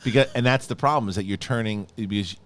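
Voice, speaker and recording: A middle-aged man co-hosting a podcast, telling rambling, animated stories with restarts and casual swearing. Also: fairly low pitch, fast talker. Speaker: podcast co-host. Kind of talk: casual chat.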